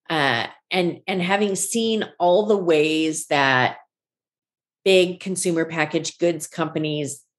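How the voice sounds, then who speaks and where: Forties woman guest, lowish voice, animated storyteller who acts out quotes. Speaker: guest, ice cream shop founder. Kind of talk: conversational storytelling.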